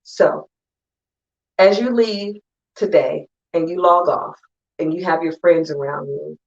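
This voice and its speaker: Low, emphatic woman speaker, conversational motivational talk, dull lo-fi audio. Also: vocal fry. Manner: conversational and emphatic, acting out friends in quick asides. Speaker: conference speaker. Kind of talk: motivational talk to an online audience.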